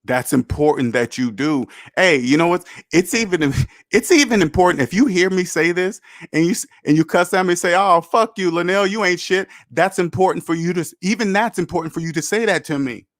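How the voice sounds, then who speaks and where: This personal finance show host is a man with a somewhat high voice who talks a little fast. He lectures with emphasis during his livestream, asking rhetorical questions and responding to chat. The recording is clean studio audio without room sound.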